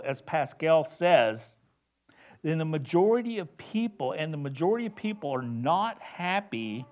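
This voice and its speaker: A male pastor preaches in a relaxed, talky style and often doubles his words as he works toward a point. His voice sits slightly high for a man, and his pace is slow and unhurried. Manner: conversational, repeats words while building a point. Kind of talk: sermon.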